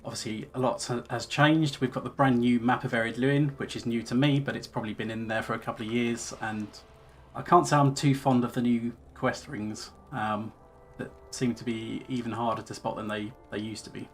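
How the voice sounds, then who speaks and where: A man's voice: medium pitch, moderate pace, a little hiss or hum. Rambling casual male game streamer. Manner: relaxed, rambling with many fillers. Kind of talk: casual let's-play commentary.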